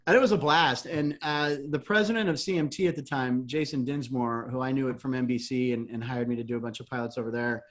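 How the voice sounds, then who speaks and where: A middle-aged man telling stories in a casual interview, animated and laughing often as he acts out what people said. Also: medium pitch, quick pace, hardly any pauses. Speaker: guest, comedian and game show host.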